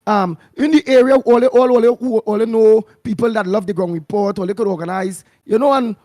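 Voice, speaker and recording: A high-voiced Trinidadian man hosts a call-in radio show, bantering with callers in easy local dialect. The sound is close and dry, with no room echo at all. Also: fairly even intonation, fairly quick, warm tone. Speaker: radio talk show host.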